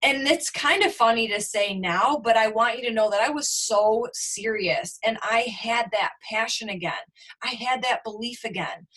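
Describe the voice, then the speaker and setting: A woman's voice: fairly high pitch, a bit bright. A young adult woman, a business coach, candidly telling a personal story on a team video call, swearing freely and leaning on "like".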